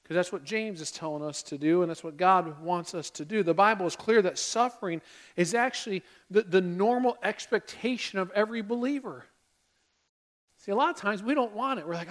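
A man's voice: sits high, fairly quick. A man preaching a conversational sermon to his congregation as pastor, often acting out the inner voices of his listeners.

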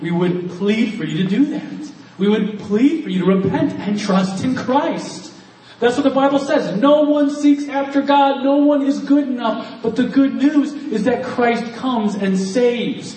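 A man's voice: high-pitched, darkish tone, slight background noise. A man preaching an earnest sermon to students, with frequent restarts, in a church hall. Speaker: youth speaker. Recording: echoey room, mic at a distance.

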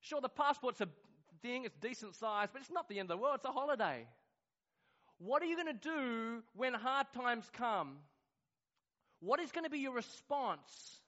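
A man with a high voice delivers a sermon as a lively story. He acts out what everyone said, swinging from loud, excited outbursts to hushed, quiet moments. The recording sounds a little dull and lo-fi. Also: moderate pace. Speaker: pastor.

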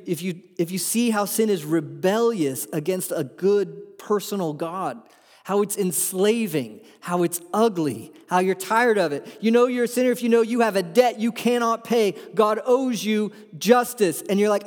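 High-voiced preacher in a reverberant hall. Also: male voice, normal speed, darkish tone. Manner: earnest preaching, rising to emphatic peaks, rhetorical questions. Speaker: pastor. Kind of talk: sermon.

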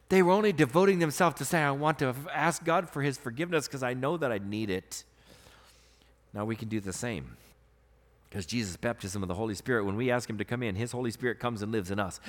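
A man preaching a sermon as pastor, earnest, swinging between emphatic raised passages and quiet, softly spoken stretches. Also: medium pitch. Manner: earnest preaching, rising to emphatic bursts then dropping soft.

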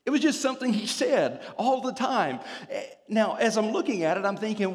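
Animated male preacher in a reverberant hall. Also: high-pitched, fairly quick. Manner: animated, humorous storytelling with scripture explanation. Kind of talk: sermon.

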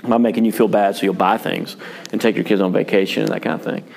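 A man's voice: on the low side, steady tone, fast talker, creaky, a little mellow. A man, a pastor and father, talking about parenting in a frank, rambling, self-deprecating way, with many fillers and restarts. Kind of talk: casual pastoral chat on parenting.

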